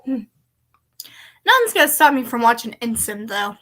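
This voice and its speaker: A woman with a high voice chats casually as she reacts to clips, giggling often and now and then sinking into a soft whisper. Her tone is bright and ringing. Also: very animated, normal speed. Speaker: video reaction host and voice actor.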